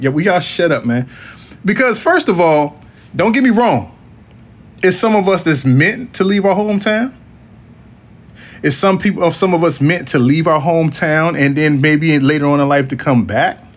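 Blunt, profane man with a higher voice. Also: a bit bright. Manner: rambling, with frequent restarts and laughs. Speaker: podcast host. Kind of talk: casual podcast chat.

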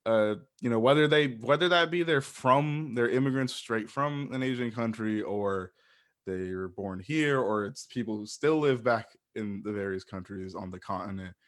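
A man's voice: on the low side, moderate pace. A man talking in a casual podcast chat, passionate and rambling, swearing freely as he makes his point.

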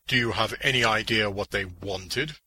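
A man's voice: fairly low pitch, normal speed, sharp tone, a little hiss or hum, poor audio. A man voicing a protective, reassuring male hero in an audiobook story. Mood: steady.

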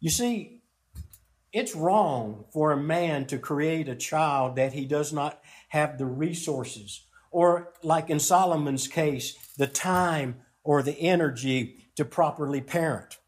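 A middle-aged man preaching a sermon as a pastor, slow and emphatic with long pauses. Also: on the high side.

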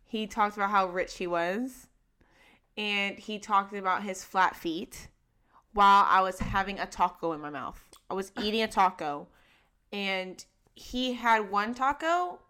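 A young woman from Texas co-hosting a casual chat, telling stories with big, animated laughter. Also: mid-range voice, measured pace, clear, resonant tone. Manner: animated, laughing, dramatic storytelling. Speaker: podcast co-host.

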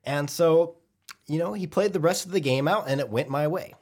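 A man's voice: on the high side, normal speed. A man on a podcast telling a gaming story in casual chat, swearing freely and acting out what people said. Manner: animated, swears, acts out quotes. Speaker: podcast host.

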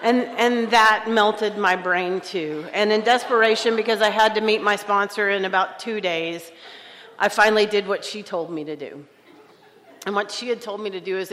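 A woman's voice: medium pitch, moderate pace, a bit bright. A woman speaking at a recovery conference, sharing her story with candid, self-mocking humor. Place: conference hall. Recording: live talk in a reverberant hall.

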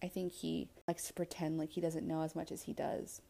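A woman hosting a podcast, talking alone in a blunt, animated and self-reflective way and swearing freely. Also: low-pitched, fairly quick, gravelly. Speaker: podcast host. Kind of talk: candid solo monologue.

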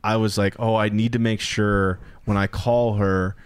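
A man's voice: lowish voice, little pitch movement, unhurried, clean tone. A man co-hosting a podcast, talking casually and agreeably, quoting himself with many "like"s. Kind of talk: casual conversation.

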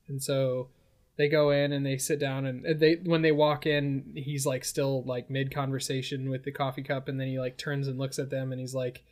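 A man with a middle-pitched voice spins an improvised comic story. He rambles and leans on fillers. The telling is loose and casual. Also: little pitch movement, a little fast.

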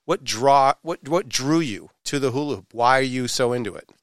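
Guy hosting a podcast, hamming it up a bit, crisp voice, no room sound at all. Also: medium pitch, expressive, normal speed, no room sound, studio quality. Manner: playful, showy build-up delivery. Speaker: podcast host. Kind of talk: casual interview.

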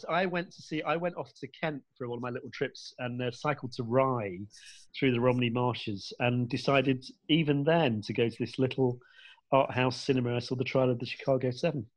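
A man's voice: mid-range voice, a little fast. Man, from England, casual chat, rambling, self-correcting. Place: London.

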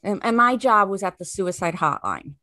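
Female comic, deadpan dark delivery, dry mic. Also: medium pitch, moderate pace, no room sound. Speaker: stand-up comedian. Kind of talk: stand-up comedy set.

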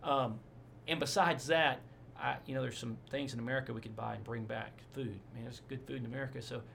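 Gravelly rambling storyteller man. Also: medium pitch, brisk, a little hiss or hum. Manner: rambling, animated storyteller with asides. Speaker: pastor. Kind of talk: casual storytelling interview.

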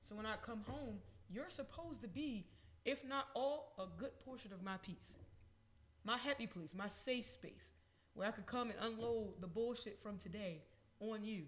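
A man's voice: sits high, normal speed, a bit bright. A man co-hosting a podcast, ranting emphatically and swearing freely. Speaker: podcast co-host. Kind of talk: casual chat.

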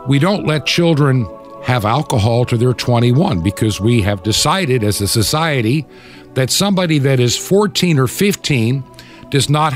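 Impassioned older man preaching on radio. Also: mid-range voice. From United States. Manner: impassioned, preachy, mocks opponents in quoted voices. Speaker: radio talk show host. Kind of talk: Christian talk radio commentary.

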